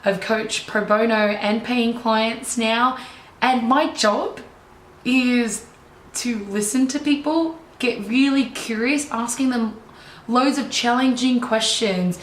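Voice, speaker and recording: A young woman tells her own story with animated enthusiasm, as a life coach would. Her voice sits a little high. The recording has a roomy echo and a faint hum of ambience behind it. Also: takes it slowly. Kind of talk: personal storytelling.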